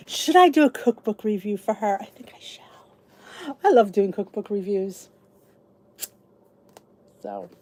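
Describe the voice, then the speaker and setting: A woman's voice: a little high, darkish tone. A middle-aged woman hosting a casual livestream chat, greeting viewers by name and chatting freely. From United States. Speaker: host.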